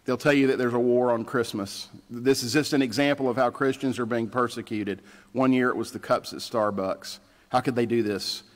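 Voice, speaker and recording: Male pastor, mid-pitched voice, plainspoken sermon in a church with long echo. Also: steady tone, normal speed. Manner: conversational storytelling, plainspoken. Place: church sanctuary. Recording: church livestream with long reverb.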